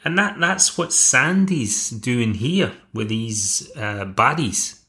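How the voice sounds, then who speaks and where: Man, podcast host, casual recap, wry asides, stumbling restarts, middle pitch. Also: animated, takes it slowly, sharp tone. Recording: echoey room.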